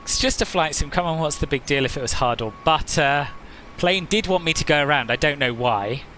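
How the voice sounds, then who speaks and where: A man's voice: on the high side, a little fast, pushed and bright, slight background noise. A man hosting a flight simulator live stream, chatting casually, answering viewers' comments and laughing often.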